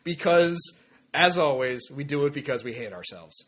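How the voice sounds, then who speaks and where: A man co-hosting a podcast in casual chat, halting and repeating words as he talks. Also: medium pitch, animated. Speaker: podcast co-host.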